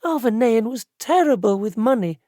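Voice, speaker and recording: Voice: mid-range voice, expressive, moderate pace, no echo, studio quality, voice pushed up, lightly acted. A narrator voicing a nervous, earnest young woman clerk who fights back tears. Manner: earnest, tearful, soft.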